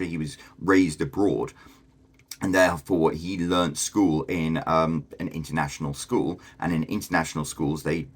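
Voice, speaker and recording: A man's voice: a bass voice, breathy edge. A man, explaining things casually to camera as a vlogger, thinking aloud with fillers and restarts. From England.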